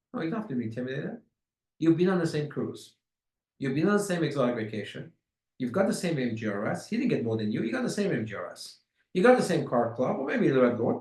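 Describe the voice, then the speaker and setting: A man's voice: on the high side, reverberant, low-quality recording. A man leading a network marketing training, talking emphatically with lots of repetition and stretched-out key words. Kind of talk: motivational sales training talk.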